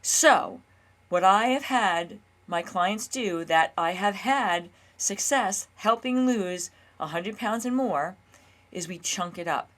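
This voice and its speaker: A woman's voice: mid-range voice, lively intonation, slow pace, a bit bright. A woman in her fifties, a health coach hosting her own show, talking casually and earnestly, sometimes acting out her own inner dialogue. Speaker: health and weight loss coach, show host. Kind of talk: casual solo talk to camera.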